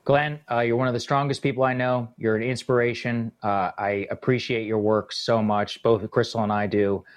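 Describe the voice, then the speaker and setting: A man appearing as a guest commentator, chatting about politics in an animated, emphatic way. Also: mid-range voice, moderate pace. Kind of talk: casual political chat.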